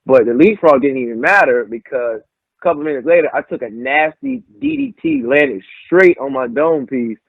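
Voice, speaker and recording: His voice is medium in pitch and creaky, moving at a moderate pace: a young adult pro wrestler sharing casual stories in an interview and acting out quotes with gusto. It's heard over a tinny, phone-like line, dry with no echo.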